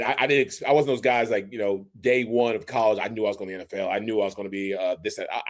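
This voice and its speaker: A man in his forties co-hosting a casual sports podcast. He tells stories with energy and acts out the voices of the people in them. His delivery is loose and conversational, with a middle-range pitch. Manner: animated storyteller, acts out quotes. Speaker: podcast co-host, former NFL fullback.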